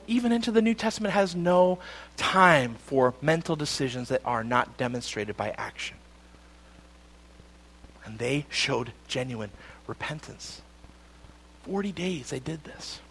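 Pastor, male, high light voice, lively joking sermon delivery. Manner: animated, jokey, acts out quotes.

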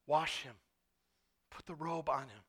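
A man's voice: a little high, measured pace, fairly bright tone, husky. A man doing a jubilant, commanding father. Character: overjoyed forgiving father welcoming his son home.

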